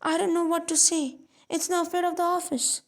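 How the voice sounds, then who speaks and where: A woman's voice: fairly high pitch, fairly even intonation, normal speed, a little mellow, lightly acted. A woman reading the part of a fussy sixty-year-old male clerk who gets flustered. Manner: fussy, flustered, murmuring figures.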